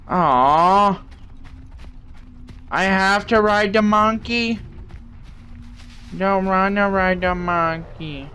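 A man's voice: high voice, takes it slowly, long pauses, pushed and bright, clean tone. A young man playing a game and commenting with crude, joking banter, talking to the characters on screen. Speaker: gaming channel host.

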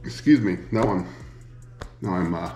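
A man's voice: sits low, moderate pace, dark tone, echoey room, faint music behind. A man with a Midwestern American accent talking in a chatty, rambling, self-mocking way to his camera for a casual vlog. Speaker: vlogger.

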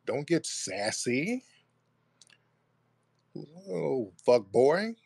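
A man hosting a live online audio room, taunting and talking down to a caller with slow, deliberate jabs. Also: mid-range voice, sing-song, creaky, darkish tone, slightly rough, no echo. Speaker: host. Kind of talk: confrontational live audio chat.

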